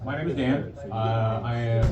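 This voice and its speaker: A man's voice: medium pitch, steady tone, unhurried, lo-fi sound. Rambling forty-something male stand-up comic. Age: 40s. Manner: rambling, hesitant, profane, lots of ums. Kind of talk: stand-up comedy set. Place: bar comedy stage. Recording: echoey live bar, distant mic, crowd noise. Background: crowd, ambience.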